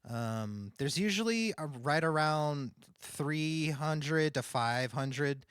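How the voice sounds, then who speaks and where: A man's voice: a little high, lively intonation, takes it slowly, a bit bright, clean tone, no room sound, clean studio sound. A man with a nasal voice, talking casually on a livestream, rambling and thinking aloud into a condenser microphone. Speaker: streamer. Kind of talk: casual livestream talk about audio setup. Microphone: condenser studio microphone.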